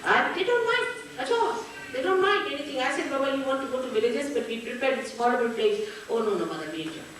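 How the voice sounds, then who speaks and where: A woman's voice: high-pitched, fast, hardly any pauses, a bit bright, a little hiss or hum. A woman with an Indian English accent giving a spiritual talk in a town hall, telling anecdotes and acting out the people in them. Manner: storytelling with anecdotes and acted-out quotes. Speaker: spiritual teacher. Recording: echoey hall, recorded from a distance.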